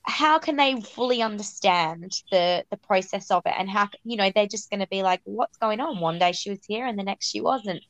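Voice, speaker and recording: A woman's voice: medium pitch, moderate pace, hardly any pauses, no room sound. A woman in her thirties hosting a podcast, telling a family story in a chatty way with fillers. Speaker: podcast host. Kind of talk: podcast conversation.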